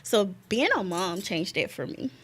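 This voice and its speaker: A young woman, a guest telling a personal story in an animated way, laughing often and repeating words. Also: mid-range voice, unhurried. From North Carolina, US. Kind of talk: casual conversation, personal story.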